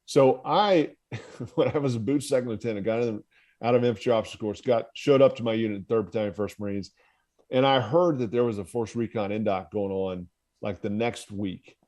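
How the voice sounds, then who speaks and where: Speaking at a moderate pace with a lowish, darkish voice, a former Marine officer from the United States shares his story on a podcast. He's candid and profane, chuckling at himself as he tells it conversationally.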